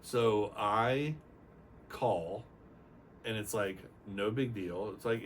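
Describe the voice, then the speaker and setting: An older man with a low voice tells his story in a casual, rambling way, acting out bits of dialogue as he goes. The mic sits some way off. A faint hum of room noise runs behind him. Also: slow, pauses often, far from the mic. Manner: rambling, animated retelling with acted-out quotes. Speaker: retired Navy aircrewman giving a testimonial.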